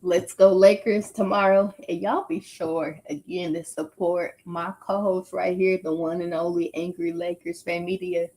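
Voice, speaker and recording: A woman's voice: on the low side, fairly even intonation, measured pace, few pauses, warm tone. A woman signing off a livestream with an upbeat call to support her co-host. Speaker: stream co-host. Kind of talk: casual chat on a livestream.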